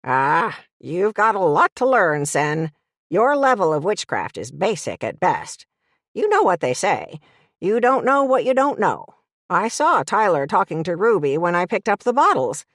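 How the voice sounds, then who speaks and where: A bossy, taunting elderly witch aunt, voiced by a woman reading an audiobook. She talks in a smug, sing-song way, a little lower and louder than the narration. The sound is dry and close. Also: big pitch swings, unhurried, no echo, exaggerated voice.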